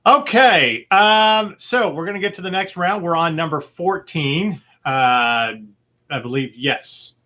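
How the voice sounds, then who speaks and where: A man's voice: fairly high pitch, lively intonation, slow pace, bright, forceful tone. A man hosting a casual movie-quote game show, easygoing and rambling, with lots of fillers and chuckles. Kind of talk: casual chat.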